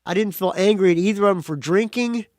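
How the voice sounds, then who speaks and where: A man's voice: sits high, quick pace, no room sound, clean studio sound. A male podcast host giving a casual movie review monologue, blunt and profane, with frequent restarts.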